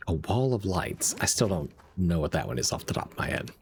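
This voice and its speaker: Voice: deep voice, lively intonation, fairly quick, darkish tone, slight background noise. A streamer chatting casually and wryly while playing a video game, a little sleepy. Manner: drowsy and chatty, with a wry edge. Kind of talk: casual gameplay commentary.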